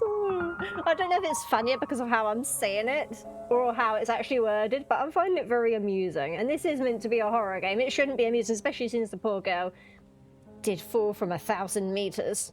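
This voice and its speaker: A woman's voice: on the high side, expressive, fairly quick. A young woman giving chatty, giggly commentary on a game she is playing, swearing casually. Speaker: gaming video creator. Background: game music.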